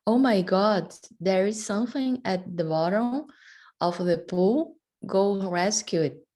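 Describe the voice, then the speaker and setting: Hesitant Brazilian woman reading aloud slowly. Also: mid-range voice, animated, darkish tone. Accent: Brazilian Portuguese. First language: Portuguese. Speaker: student.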